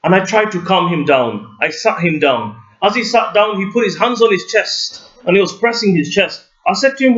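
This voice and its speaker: Man, mufti, high voice, mosque lecture, questions to the crowd, echoey hall, dull sound. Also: animated, normal speed, hardly any pauses, fairly bright tone. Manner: asks the audience questions, retells with quoted dialogue. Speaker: mufti giving a mosque talk. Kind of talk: storytelling religious lecture.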